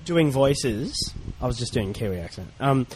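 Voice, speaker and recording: A man's voice: mid-range voice, lively intonation, moderate pace, background noise. A man co-hosting a comedy podcast, telling rambling stories between laughs. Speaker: podcast co-host. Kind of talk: casual comedy podcast banter.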